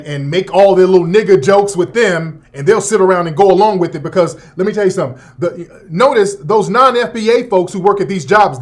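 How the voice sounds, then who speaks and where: A man hosting a talk radio show, delivering a profane, opinionated monologue with laughter and mocking asides. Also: sits high. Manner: profane, animated, laughing, with mocking put-on voices.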